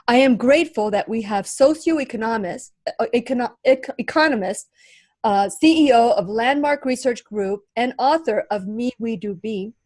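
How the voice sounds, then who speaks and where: Lady radio host, high voice, earnest and emphatic, dry close sound. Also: darkish tone, dry recording. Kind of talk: warm radio show chat.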